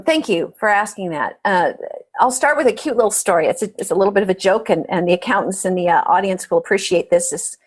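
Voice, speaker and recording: A middle-aged woman, a guest on an interview podcast, explaining her views emphatically and telling stories. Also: medium pitch. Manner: emphatic, storytelling. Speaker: podcast guest, accounting advisor. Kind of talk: interview answer.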